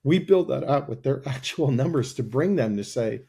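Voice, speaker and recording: A man as a guest on a podcast interview, explaining his company's service in a persuasive sales-pitch way. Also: expressive, moderate pace, vocal fry, warm tone.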